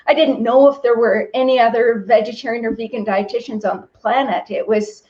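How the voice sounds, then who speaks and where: Middle-aged canadian woman, dietitian guest, earnest and reflective, bit higher voice, kinda muffled call audio. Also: fairly even intonation, fairly quick. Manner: earnest, reflective, moved to tears at moments. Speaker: guest, registered dietitian and author. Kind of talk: interview on a video call. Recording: slightly dull lo-fi audio.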